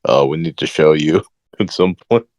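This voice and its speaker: Very deep deadpan man. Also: moderate pace, dry recording. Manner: deadpan, wisecracking. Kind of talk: casual chat.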